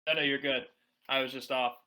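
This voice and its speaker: A man's voice: mid-range voice, steady tone, a little fast, sharp tone. A man playing a tabletop game who sounds upbeat and agrees readily. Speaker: player. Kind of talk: casual tabletop game chat.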